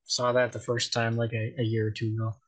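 A man's voice: mid-range voice, completely flat delivery, a little fast, dry recording. A young man chatting casually as a podcast guest, laid-back. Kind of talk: casual chat.

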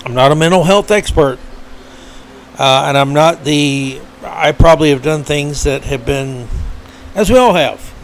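A man with a fairly high voice hosts his own podcast, delivering heated, indignant political commentary. He uses frequent fillers and restarts his sentences. Slight background noise is audible.

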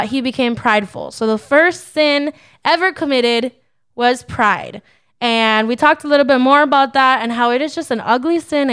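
A woman's voice: a little high, a bit bright, clean tone. A young adult woman co-hosting a casual Christian podcast, upbeat and a little preachy, laughing often. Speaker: podcast co-host. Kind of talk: casual faith-based podcast talk.

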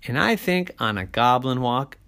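A man voicing an excitable little boy in a spoken bedtime story, talking in hushed, eager bursts. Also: mid-range voice, normal speed, clean tone, voice pushed up. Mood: insistent.

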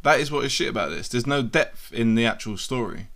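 A man's voice: medium pitch, animated, brisk, fairly bright tone. A man co-hosting a casual film review chat, blunt and rambling, swearing freely.

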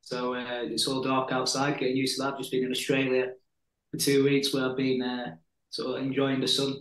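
Yorkshireman with a flat, echoey voice. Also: medium pitch. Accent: slight Yorkshire. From Sheffield, England. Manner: relaxed and chatty, with frequent pauses. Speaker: football coach abroad, podcast guest. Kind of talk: casual conversational interview. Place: at home in Hong Kong, evening. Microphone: remote podcast call.

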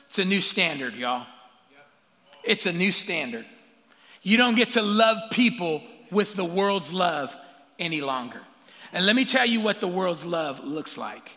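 Preaching a sermon in a big hall, a lively pastor addresses the congregation directly and tosses in playful remarks. His voice is high, gravelly, bright, and forceful, ringing with a long echo.

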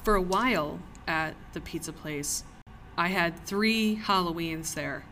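Animated woman telling stories on a podcast. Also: on the low side, unhurried, a little hiss or hum. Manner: animated storyteller, laughs often. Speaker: podcast co-host. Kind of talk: casual podcast chat. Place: cellar.

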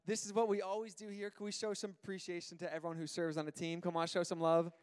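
Chatty pastor in a ringing hall. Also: male voice, sits high, little pitch movement, fast, darkish tone, clean tone. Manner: chatty, storytelling, many fillers and restarts. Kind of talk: casual sermon. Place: church auditorium. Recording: long hall reverb.

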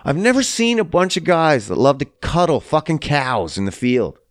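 Man, fairly high voice, ranting and cursing with big swings in pitch, dry sound. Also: very animated, normal speed, no echo. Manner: heated, blunt, swears a lot. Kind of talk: profane ranting monologue.

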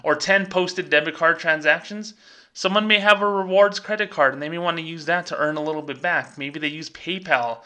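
Ranting man in his thirties, bright voice. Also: on the high side. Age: 30s. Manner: animated, ranting, quick asides. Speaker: host. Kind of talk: casual commentary.

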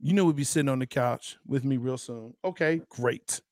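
A man co-hosting a casual sports podcast, animated and teasing, laughing often. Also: mid-range voice, moderate pace, dry recording, studio quality. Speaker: podcast co-host.

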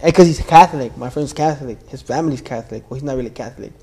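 A man's voice: medium pitch, very fast, warm tone, slight background noise. A young man casually sharing his church testimony in an earnest, rambling way, full of "like" and "bro".

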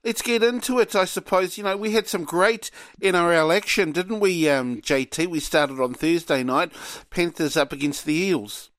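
Chatty New sports show host. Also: male voice, sits high, normal speed, hardly any pauses, dry recording. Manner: relaxed, chatty, uses Māori greetings.

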